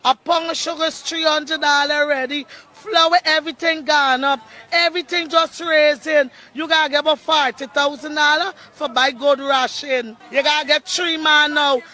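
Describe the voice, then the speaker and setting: A woman's voice: sits high, fairly even intonation, normal speed, few pauses, sharp tone. A woman in a played clip complaining in exasperation about prices.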